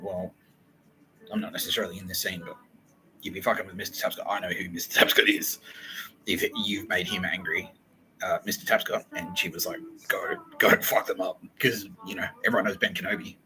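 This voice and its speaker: A man hosting a podcast, telling a rambling, profane monologue that swings between loud outbursts and low muttering. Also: a little hiss or hum, rough recording. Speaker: podcast host.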